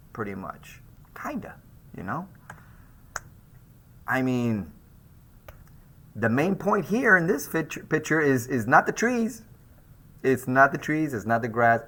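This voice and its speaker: Male art teacher, recorded lecture, animated pitch, casual delivery with restarts. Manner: lively, conversational, with frequent restarts and fillers. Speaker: art instructor.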